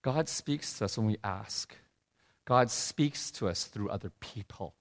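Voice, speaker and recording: A middle-aged man telling a heartfelt personal story in a sermon, his voice dropping low and soft when he is moved. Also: animated, unhurried. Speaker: preacher. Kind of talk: sermon testimony.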